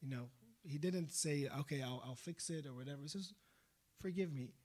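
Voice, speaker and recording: A man delivers an impassioned sermon in a mosque, his voice sitting a little higher than most men's. He tells the story dramatically and keeps turning to the congregation with rhetorical questions. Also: a little fast, darkish tone. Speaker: preacher.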